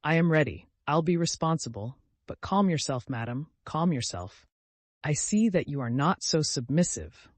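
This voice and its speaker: A man voicing a pompous, self-righteous gentleman who speaks formally and condescendingly. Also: on the high side, lively intonation, normal speed, no room sound.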